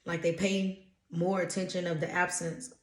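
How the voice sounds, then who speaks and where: Low, emphatic woman with a Louisiana accent. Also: little pitch movement, moderate pace, reverberant. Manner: emphatic, preachy, blunt with casual swearing. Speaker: intuitive energy reader. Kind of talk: motivational channeled-message vlog.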